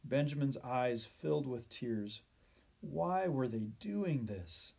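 A male storyteller reads a children's tale at a gentle, measured pace. He lets the sad moments slow and soften. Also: medium pitch, animated, creaky, breathy edge. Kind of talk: children's Bible story reading.

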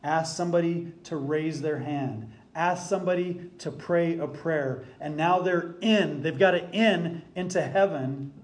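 Middle-aged male pastor, slightly high voice, emphatic sermon delivery, roomy echo. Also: a little slow, few pauses. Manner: emphatic preaching, rising for scripture quotes.

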